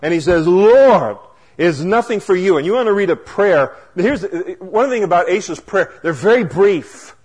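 Male pastor, high voice, preaching, dramatic shifts from quiet to loud, wry humor. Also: animated, moderate pace, few pauses, slightly rough. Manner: swings from hushed low asides to loud emphatic exclamations; acts out wry humorous asides with laughter. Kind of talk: sermon.

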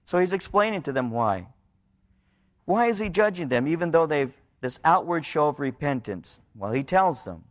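Earnest male preacher with a fairly high voice. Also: lively intonation, normal speed. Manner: earnest, rising and dropping pitch to act out quoted voices. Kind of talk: sermon.

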